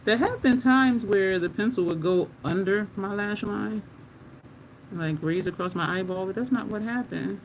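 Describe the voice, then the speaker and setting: A woman's voice: medium pitch, moderate pace, a little hiss or hum, low-quality recording. A woman beauty vlogger in casual chat while doing her makeup, answering viewer comments and laughing often.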